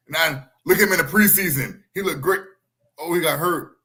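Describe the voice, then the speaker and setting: A man's voice: fairly high pitch, brisk, sharp tone. A man co-hosting a podcast, speaking earnestly in a casual chat. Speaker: podcast co-host.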